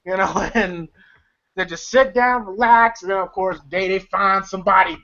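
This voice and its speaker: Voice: medium pitch, moderate pace, pushed and bright. Rambling movie reviewer, lo-fi sound. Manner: rambling and laughing with many fillers. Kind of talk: casual movie recap. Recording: dull lo-fi recording.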